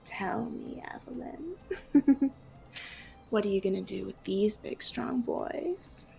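Seductive demon lord, whispered by a woman in whispered role-play, breathy purr, fry in the voice. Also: medium pitch, expressive, slow, dark tone, soft background music, heavily acted, rough recording. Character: seductive female demon lord, teasing and hungry.

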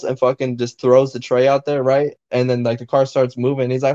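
With few pauses and a slightly quick pace, a man co-hosting a podcast spins a wild tale, swearing a lot and stuffing his speech with fillers. His voice is medium-pitched and excitable, and the audio has a lo-fi quality.

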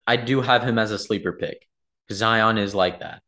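A man's voice: lowish voice, normal speed, bright, forceful tone. A young man chatting casually about basketball, rambling and correcting himself as he talks to his viewers. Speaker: sports vlogger. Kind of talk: casual sports commentary.

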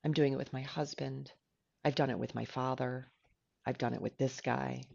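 A woman's voice: very deep voice, steady tone, normal speed, vocal fry, a little mellow, dull audio. A woman co-hosting a podcast, talking candidly and emotionally about herself, with lots of "like.". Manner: candid and emotional, with filler likes. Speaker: podcast co-host. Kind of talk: personal podcast conversation.

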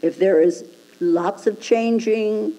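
A woman's voice: mid-range voice, slow pace, mellow, rough recording. A woman Zen teacher giving a dharma talk, prodding her listeners with rhetorical "hmm?" questions and chuckling at her own points.

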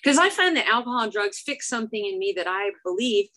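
A woman's voice: mid-range voice, animated, fast talker, bright, forceful tone. A middle-aged woman from Chicago giving a candid, self-deprecating recovery share at a meeting, often checking in with "right?". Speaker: AA meeting speaker. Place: church meeting room before an audience.

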